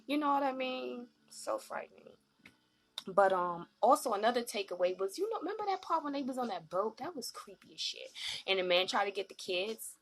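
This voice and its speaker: A woman hosting a live-stream talk show, animated and slangy, often acting out what other people said. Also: fairly high pitch, fairly quick. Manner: animated, slangy, acts out quoted voices.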